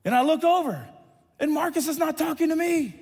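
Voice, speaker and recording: A man preaching and telling a lively story, acting out the voices of the people in it and rising to shouts at times. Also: very high-pitched, brisk. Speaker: pastor and volleyball coach. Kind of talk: sermon storytelling. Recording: reverberant hall.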